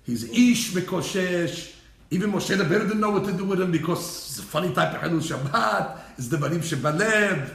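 A man teaching a Torah class in an animated way, mixing Hebrew terms into English and repeating his phrases. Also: high-pitched, a little fast, creaky, roomy sound.

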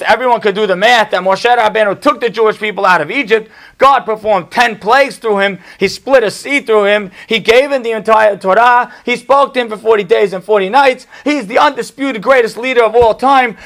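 A man's voice: high voice, fairly bright tone. A middle-aged man, a rabbi, teaching a class to an audience in an emphatic style, driving home points with punchy repetition and joking asides. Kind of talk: Torah class to a live audience.

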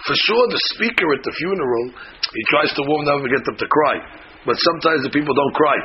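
A man teaching a Talmud class, reading the text quickly and then explaining it in casual English with rising emphasis. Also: fairly high pitch. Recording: dull lo-fi recording with steady noise.

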